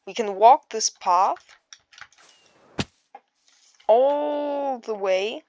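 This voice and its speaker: A woman casually narrating a tour of her game build, halting and searching for words, with many fillers. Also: on the high side, a little mellow, muffled recording, a little hiss or hum. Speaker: Minecraft builder giving a map tour.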